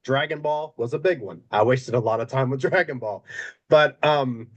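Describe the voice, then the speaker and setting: A man co-hosts a podcast in casual chat, his voice at a middle pitch. He tells stories in a relaxed, conversational way. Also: moderate pace, highs cut off. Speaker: podcast co-host.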